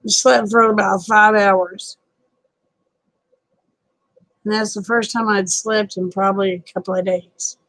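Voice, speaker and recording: Raspy, twangy woman, tired. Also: mid-range voice, steady tone, a little slow, pauses often, fairly bright tone, no echo, poor audio. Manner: folksy, rambling, self-deprecating. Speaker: livestream host. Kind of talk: casual livestream chat with viewers. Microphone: phone camera close up.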